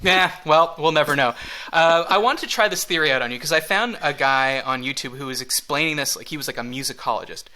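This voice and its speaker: A man's voice: fairly high pitch, fairly quick, bright, forceful tone. A man hosting a comedy podcast, talking in a playful, giggly, rambling way. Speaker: podcast host.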